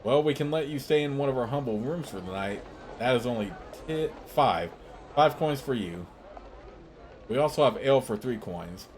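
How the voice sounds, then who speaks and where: A man's voice: medium pitch, lively intonation, normal speed, a little hiss or hum, natural voice. Man reading a timid, apologetic innkeeper woman. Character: anxious humble female innkeeper, overworked and worried.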